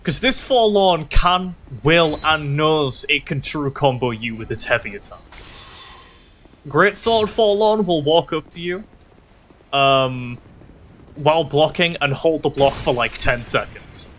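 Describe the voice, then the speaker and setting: Bright, sweary male game streamer. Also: a little high, lively intonation, a little slow, a little hiss or hum. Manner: swears freely, rants theatrically at enemies; musing, filler-heavy storytelling between bursts of frustration. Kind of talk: casual gameplay commentary.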